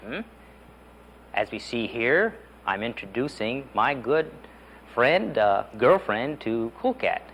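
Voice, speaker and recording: A man teaches beginner Spanish with lots of enthusiasm, coaxing learners to repeat each phrase. His pitch swings widely as he drills. A faint background hiss sits under the recording. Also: lively intonation, takes it slowly, fairly bright tone. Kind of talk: animated language lesson.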